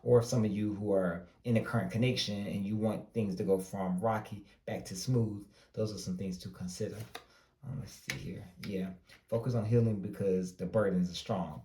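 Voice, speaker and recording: A Southern-accented man from North Carolina gives a casual tarot reading, rambling along and offering lots of advice while correcting himself now and then. His voice sits lowish at a normal pace, and the recording is reverberant.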